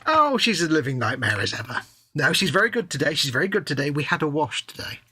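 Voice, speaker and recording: A man from the UK co-hosting a casual hobby livestream, teasing his co-host in quick banter and laughing often. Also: on the high side, sing-song, bright, forceful tone, husky. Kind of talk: casual chat.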